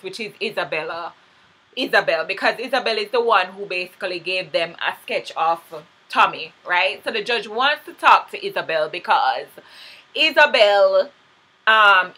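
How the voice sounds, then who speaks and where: A woman's voice: medium pitch, bright, forceful tone. A young woman casually recapping a TV episode, blunt and profane, acting out the characters' lines as she retells the story. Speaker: TV recap vlogger.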